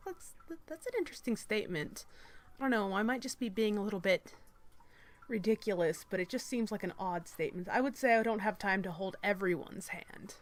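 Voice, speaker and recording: A woman's voice: mid-range voice, brisk. A woman reading an article aloud and commenting on it in a sarcastic, mock-innocent manner.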